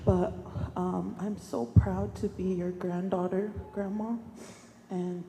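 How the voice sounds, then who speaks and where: Halting young woman in an echoey hall. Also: on the low side, little pitch movement, mellow. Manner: halting, many fillers, tearful. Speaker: granddaughter giving a eulogy. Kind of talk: emotional funeral eulogy. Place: church hall. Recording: echoey hall, faint noise.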